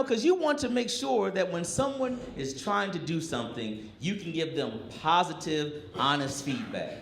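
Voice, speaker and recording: A man performing a stand-up comedy set on a club stage, telling stories with animated energy and slipping into brash rants. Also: fairly high pitch, moderate pace, vocal fry, hardly any pauses. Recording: echoey club room with audience noise.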